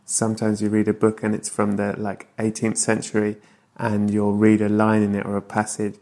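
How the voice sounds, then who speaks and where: A man's voice: fairly low pitch, monotone, moderate pace, a little mellow. A man hosting a podcast about films, teasing his guest in casual, joking chat with easy swearing. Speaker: podcast host. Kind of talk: casual comedic interview.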